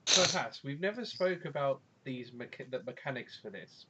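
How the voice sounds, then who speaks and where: A man's voice: medium pitch, lively intonation, moderate pace, sharp tone, breathy edge, muffled recording. A man playing a tabletop game, joking drily in and out of character. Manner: dry, playful, joking. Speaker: player. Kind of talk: tabletop role-play, in and out of character.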